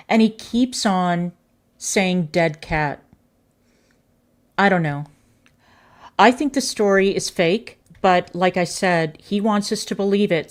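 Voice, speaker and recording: A woman streamer reacting to clips with sarcastic, scornful commentary. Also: fairly low pitch.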